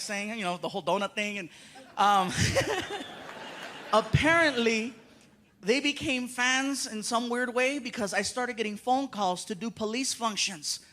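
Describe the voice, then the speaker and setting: A man doing stand-up comedy, telling a story with animated delivery and acted-out voices. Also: very high voice, normal speed.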